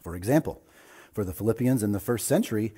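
A man's voice: on the low side, expressive, fast, warm tone, breathy edge. A man who is a pastor, delivering a sermon in an earnest preaching manner that builds to emphatic points.

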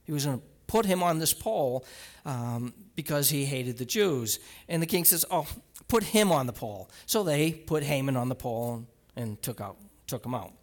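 A pastor preaching a conversational sermon, retelling scripture in a casual storytelling way and speaking straight to the congregation with many restarts and asides. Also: male voice, mid-range voice, expressive, moderate pace.

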